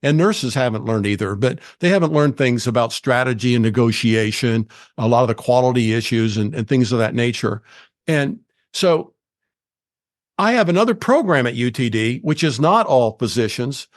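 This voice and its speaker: Middle-aged male host, steady mid-range voice, dry close mic, measured delivery. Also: mid-range voice, no echo. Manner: measured, explanatory, with small restarts. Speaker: podcast host. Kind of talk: conversational interview.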